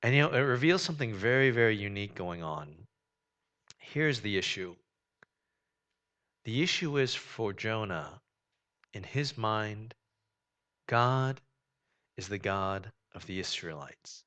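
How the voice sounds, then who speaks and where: A man preaching a sermon, conversational and animated, with joking asides. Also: fairly low pitch, a little slow, long pauses. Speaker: pastor.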